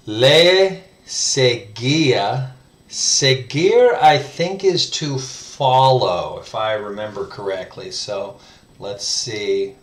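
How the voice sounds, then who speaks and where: Slow, rambling man in an echoey room. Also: fairly low pitch. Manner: slow, thinking aloud with many fillers and "right?". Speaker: language learner teaching viewers. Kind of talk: casual screen-share lesson.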